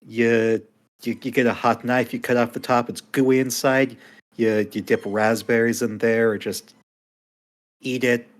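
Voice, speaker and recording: A man's voice: mid-range voice, level tone, a little slow. A man introducing himself as a tabletop game player, casual and hesitant with many restarts. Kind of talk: casual chat.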